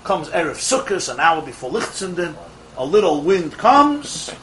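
A man teaching a Torah class to a live group of students, an animated storyteller who fires off rhetorical questions and laughs at his own jokes. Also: a little high, moderate pace, a little hiss or hum, low-quality recording. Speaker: religious teacher.

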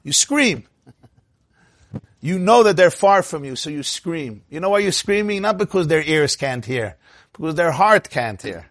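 A man giving a Torah class as a rabbi, animated, asking rhetorical questions and mixing in Hebrew and Yiddish terms. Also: on the high side, unhurried, no room sound, studio quality.

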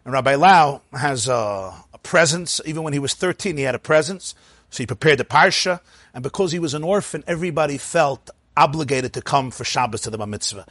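A man preaching, telling a story in an animated, conversational way with frequent asides. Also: fairly high pitch, fairly quick, no echo. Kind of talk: sermon storytelling.

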